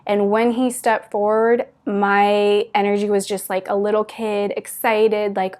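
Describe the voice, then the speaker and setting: A woman's voice: medium pitch, level tone, measured pace, few pauses, darkish tone. A woman giving a spiritual talk to her viewers, telling it in an earnest, gushing way with many "like" fillers. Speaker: spiritual teacher.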